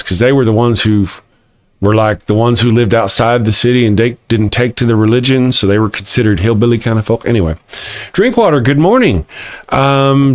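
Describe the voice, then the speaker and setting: A middle-aged man with a Texas accent hosting a live-stream morning show, rambling and self-mocking as he reads viewer comments and laughs often. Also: mid-range voice. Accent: Texan.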